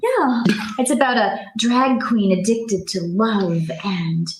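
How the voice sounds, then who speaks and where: A woman's voice: mid-range voice, expressive, takes it slowly, echoey room, noisy background. A woman playing a vain, snippy diva. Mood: snide. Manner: snippy, pompous. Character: haughty, vain woman with snide remarks.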